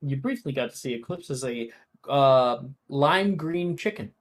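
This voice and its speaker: A man acting as game master, narrating a tabletop role-playing game with relaxed, quiet asides. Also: mid-range voice, measured pace.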